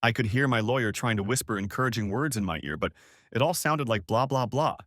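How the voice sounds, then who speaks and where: Male audiobook narrator: dramatic, expressive first-person reading, low and animated, dry close mic. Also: brisk, no room sound.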